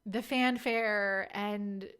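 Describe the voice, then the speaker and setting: A woman's voice: medium pitch, fairly even intonation, very slow, fairly bright tone, smooth. A woman in her thirties hosting a podcast, telling candid and self-deprecating stories in a casual way and laughing often. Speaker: podcast host. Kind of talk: casual storytelling monologue.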